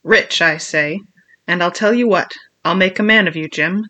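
A reader voicing a ragged, half-crazed old male castaway who speaks in a slow, drawling old-sailor way. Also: medium pitch, sharp tone. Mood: eager.

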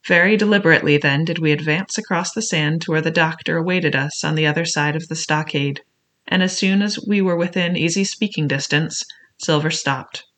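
A reader narrating a classic adventure novel in the first person, with measured, expressive storytelling. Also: medium pitch. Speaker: audiobook reader.

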